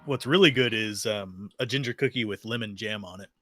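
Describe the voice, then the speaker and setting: A man's voice: on the low side, brisk, a bit bright, faint music behind. A man co-hosting a gaming stream, joking and chatting animatedly. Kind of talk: casual let's-play commentary.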